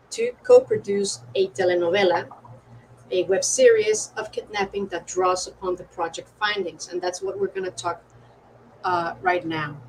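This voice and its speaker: Woman introducing a lecture speaker, lots of uhs and ums, pitch bouncing all over, bit of gravel. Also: slight background noise, rough recording. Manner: hesitant, many fillers, tag questions. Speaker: event moderator introducing the speaker. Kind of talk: formal introduction at an academic lecture.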